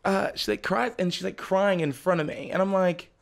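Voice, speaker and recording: A young man, a guest on a podcast, telling a personal story in casual chat, animated and laughing often. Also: high voice, moderate pace, creaky. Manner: animated, laughs often, slips into the voices of family members.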